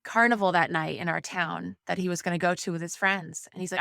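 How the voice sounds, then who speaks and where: A woman's voice: lowish voice, fairly even intonation, fairly quick, vocal fry, a bit bright, dry recording, studio quality. A woman in her forties, a podcast guest, talking candidly about parenting and sobriety, rambling with frequent restarts and fillers. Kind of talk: conversational interview.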